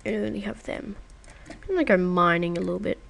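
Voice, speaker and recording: A woman's voice: medium pitch, fairly quick, creaky. Playful woman narrating her gameplay. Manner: chatty and playful, talking to the viewer. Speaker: gaming video creator. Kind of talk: casual let's-play commentary.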